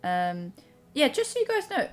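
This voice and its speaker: A woman's voice: high-pitched, wildly swooping pitch, normal speed. A young woman co-hosting a game stream, chatting in a bubbly, gushing way. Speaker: streamer co-host. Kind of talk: casual chat while playing a video game.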